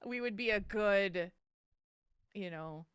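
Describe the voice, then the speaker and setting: A woman's voice: mid-range voice, fairly bright tone, clean tone, no room sound, studio quality. A woman co-hosting a casual chat show, talking frankly and laughing easily. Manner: frank, chatty, quick to laugh. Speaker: podcast co-host.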